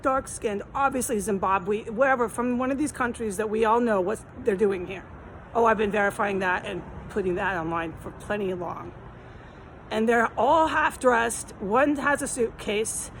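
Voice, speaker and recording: A woman's voice: on the high side, a little hiss or hum, rough recording. A woman filming herself outdoors on a city street, talking in a rambling, aggrieved, repetitive way while hot and tired. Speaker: vlogger. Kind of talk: rambling walk-and-talk vlog.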